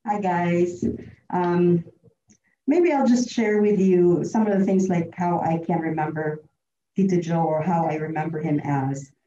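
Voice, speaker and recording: Woman eulogist, heartfelt and chatty, dark mellow tone, distant mic in a roomy space. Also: fairly low pitch, steady tone, unhurried, slight background noise. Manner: heartfelt, chatty, laughs often. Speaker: tribute speaker at a memorial. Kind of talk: personal eulogy. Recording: roomy, distant, dull lo-fi sound.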